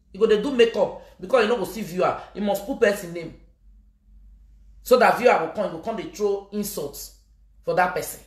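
Woman, Nigerian accent, emphatic scolding rant, vlog message, mid pitch, roomy echo. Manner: scolding, emphatic outbursts, switches into Pidgin. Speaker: social media personality addressing fans.

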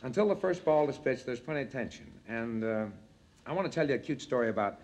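A man guest on a 1960s television variety show, telling lively stories with a gruff, animated storyteller's manner. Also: mid-range voice, fast. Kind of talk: anecdote-telling chat. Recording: 1963 studio show, audience behind.

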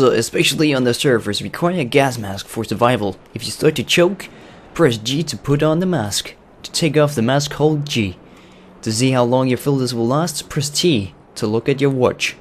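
A young man giving casual commentary on a game playthrough, excitable and swearing at scares. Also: medium pitch, moderate pace. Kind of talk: casual let's play commentary. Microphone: desk mic with facecam. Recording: gameplay noise under voice.

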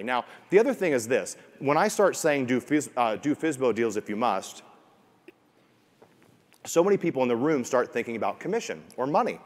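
A man coaching real estate agents in a seminar, repeating key points and acting out clients' lines. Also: mid-range voice. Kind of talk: motivational seminar talk. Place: room with an audience. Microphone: wearing a mic.

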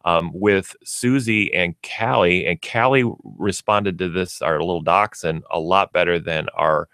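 A man's voice: sits low, measured pace, creaky, a bit bright, clean tone, dry recording, studio quality. A man speaking as a pet store expert on a radio talk show, explaining with everyday examples. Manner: explanatory, uses everyday examples and acts out pets. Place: radio studio.

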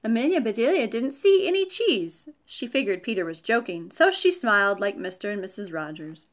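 A woman's voice: fairly high pitch, very animated, normal speed. A woman reading a children's storybook aloud, with chatty asides to the young listeners.

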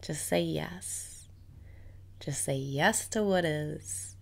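A woman leading a guided meditation, calm and blunt, repeating breathing cues, swearing casually and sometimes dropping into breathy whispers. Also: sits low, very slow.

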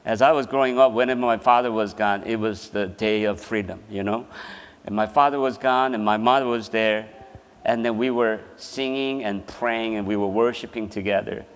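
A man's voice: fairly low pitch, fairly even intonation, moderate pace, clear, resonant tone. A man giving a sermon as a seminar presenter, telling a personal story and laughing often as he talks. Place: church hall. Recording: long hall reverb.

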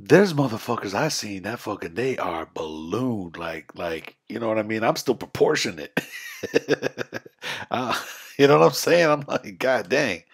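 A man's voice: on the low side, lively intonation, unhurried, husky. A middle-aged man giving casual reaction commentary, laughing often, swearing freely and talking back to the clip. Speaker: reaction streamer.

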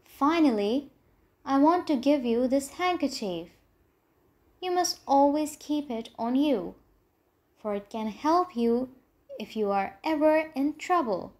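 A woman's voice: high-pitched, lively intonation, slow, a little mellow. A woman voicing a caring queen giving earnest warnings to her daughter in a storybook reading. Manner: earnest, cautioning.

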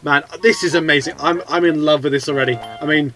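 A man's voice: fairly high pitch, brisk, faint music behind, rough recording. A man hosting a gaming channel, doing goofy, rambling let's play commentary. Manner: goofy, excitable, rambling with restarts.

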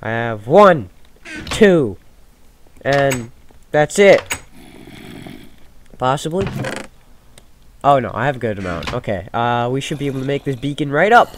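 A man talks over his gameplay in an unhurried, drawn-out way, but his pitch leaps around as he goes. He moves from loud, excited shouts down to quiet mumbled asides. There is a clear hiss of noise behind him on the recording. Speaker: gaming video host. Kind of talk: casual let's-play commentary. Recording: noisy home gaming recording.

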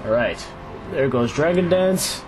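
A man casually commenting on his own video game play, chatty and excitable, laughing often. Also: on the high side, measured pace. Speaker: Let's Play host. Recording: game music playing underneath. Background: video game music.

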